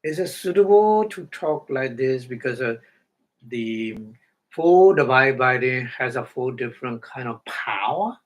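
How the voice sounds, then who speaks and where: A meditation teacher whose first language is Burmese gives an unhurried, deliberate dharma talk, now and then chanting Pali passages. His English is halting, with lots of fillers and repeated words. His voice is medium in pitch with lively intonation.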